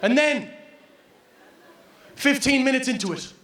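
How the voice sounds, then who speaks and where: A man in his forties performs stand-up and tells a crude, animated story with lots of laughter. His voice is very high and bright. It carries from a distance through an echoing live venue. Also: a little slow. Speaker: stand-up comedian. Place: comedy venue stage.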